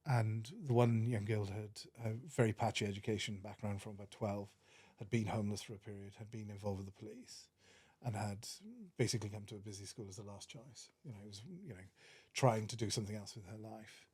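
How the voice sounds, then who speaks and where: A man with a Welsh accent, a podcast guest telling stories in an earnest, animated way with many restarts. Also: lowish voice, a little fast, breathy edge, no echo. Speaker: podcast guest, managing director. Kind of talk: casual interview storytelling.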